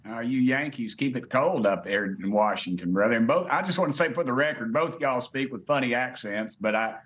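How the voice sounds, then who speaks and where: A man's voice: medium pitch, brisk, a bit bright, highs cut off. A man with a Southern US accent, a congressman speaking as a guest in a TV interview, folksy and blunt with many restarts. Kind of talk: remote TV interview.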